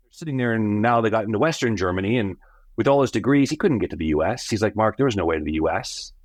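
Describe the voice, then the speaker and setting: A middle-aged American man, a company founder, telling his family story as a podcast guest, animated, acting out the voices he quotes. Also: fairly low pitch, no room sound. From United States. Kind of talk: storytelling in an interview.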